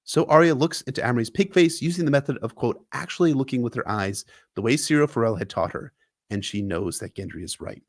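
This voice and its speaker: Brief: male podcast host, mid-pitched voice, irreverent recap, dry close mic. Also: expressive, fast talker, no room sound. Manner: sarcastic, profane commentary. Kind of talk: irreverent chapter recap with profane asides.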